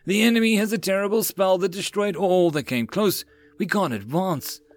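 A man's voice: high-pitched, normal speed, voice pushed up, natural voice. A man voicing a frightened male royal commander pleading with his lord. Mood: fearful. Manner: pleading and fearful.

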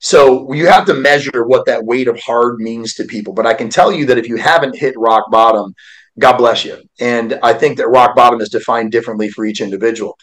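A man in his forties speaks as a podcast guest, sharing his life story in an earnest, heartfelt way. His voice sits in an ordinary middle pitch, and his delivery swings between hushed and forceful like a motivational speaker. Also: brisk, rough recording. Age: 40s. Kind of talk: emotional personal storytelling.

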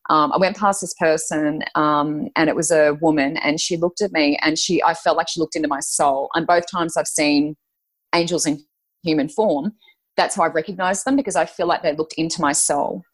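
A woman, a podcast guest telling personal stories in a lively, emotional way. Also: low-pitched, moderate pace, slightly rough. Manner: animated, emotional storytelling. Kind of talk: casual storytelling chat.

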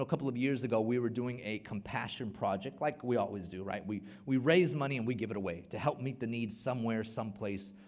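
Man, pastor, middle-aged, sermon, lively swings in volume, repeats words. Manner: animated preaching with big swings in loudness and pitch, repeats words.

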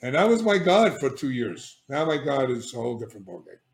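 A man's voice: mid-range voice, a little fast, vocal fry. Older man telling his story, echoey room. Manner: animated and emphatic, frequent restarts and "all right?" check-ins. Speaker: guest, addiction therapist. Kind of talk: candid personal storytelling.

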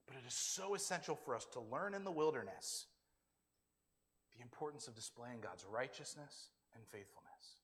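With lively intonation at normal speed, a man's mid-range voice preaches a conversational sermon, acting out the quoted lines. Long hall reverb colors the audio.

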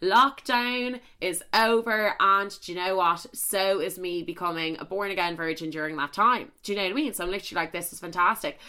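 A woman's voice: on the low side, a little fast, few pauses, pushed and bright, clean tone. A young Irish woman telling a story in a casual chat to camera, swearing freely and filling her talk with "like". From Ireland. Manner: chatty, swears a lot, full of "like" fillers.

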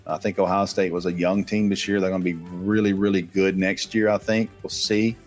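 A man's voice: deep voice, little pitch movement, brisk, soft background music. A man, a guest analyst confidently rattling off football names and stats. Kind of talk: casual sports talk.

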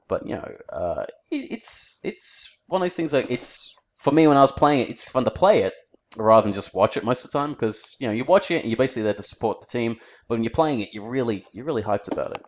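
An Australian man co-hosting a podcast in casual chat, relaxed and rambling, often repeating words as he thinks. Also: medium pitch, quick pace. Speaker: podcast co-host. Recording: dull lo-fi sound.

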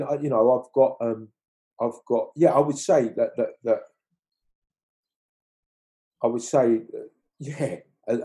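A man's voice: mid-range voice, warm tone, slightly rough. A middle-aged man, talking loosely in an interview and asking "you know what I mean" after nearly every point. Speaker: film crew guest. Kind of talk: casual interview chat.

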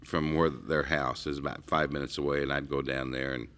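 A man's voice: rumbling low, little pitch movement, fairly quick, a bit bright. A middle-aged man casually telling stories in a rambling way, with frequent restarts. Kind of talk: casual conversation.

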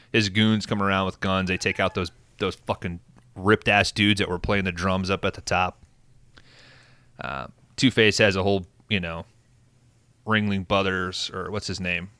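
A man's voice: low-pitched, pushed and bright, clear, resonant tone, dry recording. A man casually recapping a movie plot on a podcast, laid-back and profane, with lots of fillers. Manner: laid-back, swears often, frequent fillers. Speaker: podcast host recapping a film.

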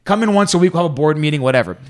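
A man co-hosting a podcast, chatting casually and telling animated stories with acted-out quotes. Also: on the high side, very fast. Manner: animated storyteller, acts out quotes. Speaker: podcast co-host. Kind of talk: casual chat.

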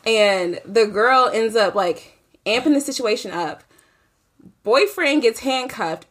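A woman's voice: on the high side, expressive, takes it slowly, a bit bright. A young woman telling a night-out story in casual chat, swearing freely and acting out quotes.

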